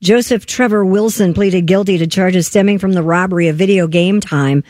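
A woman's voice: fairly low pitch, normal speed, darkish tone, no room sound, clean studio sound. A woman host reading odd news stories aloud on a talk show, cutting in with jokes and laughs. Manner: reads stories aloud, breaks off to joke and laugh. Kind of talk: reading offbeat news with banter.

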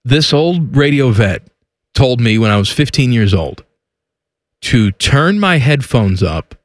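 A man's voice: medium pitch, slow, no echo, studio quality. A middle-aged man co-hosting a radio show, joking and telling stories in casual banter. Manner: joking, animated storyteller. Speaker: radio co-host. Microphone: studio microphone with headphones.

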